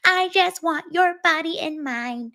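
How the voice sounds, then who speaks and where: A woman putting on the voice of a clingy young woman begging her partner for affection, in a high, whiny, pleading tone. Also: measured pace, fairly bright tone, exaggerated voice.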